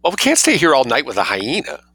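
A man voicing an anxious, fretful young gentlewoman who keeps asking questions, in an audiobook reading. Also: medium pitch, wildly swooping pitch, fast, husky, dry recording, pitched above the performer's own voice, exaggerated voice.

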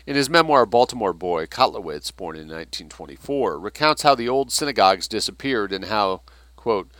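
Low-voiced guy reading from a book and tossing in comments, bright edgy tone. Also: expressive, brisk, no room sound. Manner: reads passages then adds asides.

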